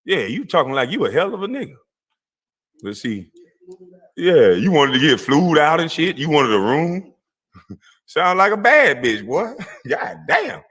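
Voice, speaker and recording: A man delivers a heated livestream rant. His voice sits a bit high and swings widely in pitch. The tone is bright and forceful, and he is profane and mocking throughout. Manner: laughs scornfully between lines.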